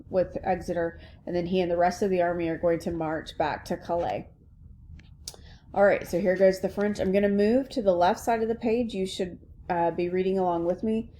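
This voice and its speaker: A woman's voice: lowish voice, warm tone, slight background noise. A woman teacher reading a play aloud to her class and explaining it in a casual, chatty way.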